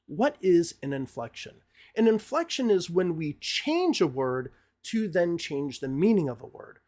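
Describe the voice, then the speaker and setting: A man's voice: on the high side, darkish tone. A middle-aged man teaching an English grammar lesson, explaining patiently step by step with examples.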